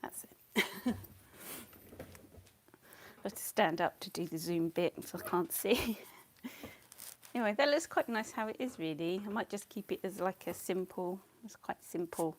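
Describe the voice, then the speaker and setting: A woman chatting casually on a live stream while she paints, scattered and quick to laugh, muttering asides to herself. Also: medium pitch. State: a bit out of breath.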